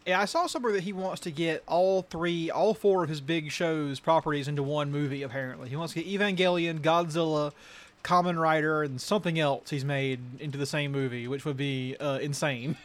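A man's voice: a little high, fairly even intonation, fairly quick. A man hosting a casual podcast chat about anime, loose and joking, swearing freely. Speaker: podcast host.

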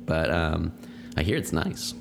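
A man's voice: very deep voice, big pitch swings, measured pace, gravelly, a little hiss or hum. A man co-hosting a podcast in casual chat, rambling with fillers and laughing often. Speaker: podcast co-host.

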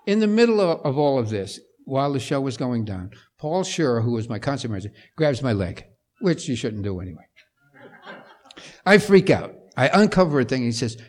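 A man's voice: medium pitch, a little fast. An older man, a composer-conductor, telling anecdotes to a luncheon audience and acting out the voices of people in his stories. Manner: animated storyteller who acts out quoted voices.

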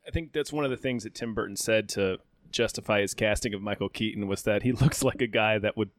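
A man co-hosting a casual podcast chat, tossing in jokes and quick comebacks. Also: on the low side, dry recording, studio quality.

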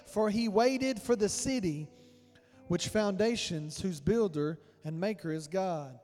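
A man preaching a rhythmic, repetitive sermon as pastor, building to fervent, loud delivery. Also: high-pitched, normal speed, in a large hall. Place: church sanctuary. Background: loud music.

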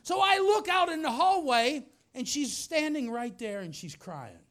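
A man preaching through a personal story, swinging from hushed softness to loud shouting. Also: very high voice, very animated, measured pace. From United States. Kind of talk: storytelling sermon.

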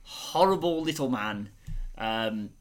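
A man's voice: fairly low pitch, lively intonation, slow. A man co-hosting a casual chat, talking with gushing enthusiasm. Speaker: podcast co-host.

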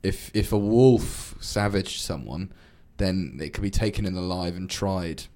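A man co-hosting a radio show, talking loudly and telling stories with energy. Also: low-pitched, unhurried. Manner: loud, animated storyteller. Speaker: radio co-host. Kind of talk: casual radio banter.

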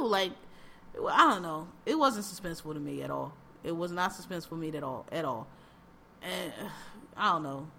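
A woman on a podcast tearing into a TV show in loose, blunt conversation. Her voice sits a bit high and comes across bright and forceful, and she piles up repeated words as she gets worked up. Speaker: podcast co-host. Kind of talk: casual chat reviewing a TV show.

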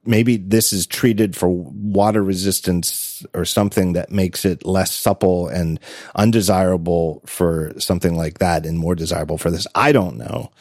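A man's voice: low voice, normal speed, darkish tone, no room sound, studio quality. A man hosting a podcast in casual chat, telling stories with frequent laughs and self-corrections. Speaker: podcast host.

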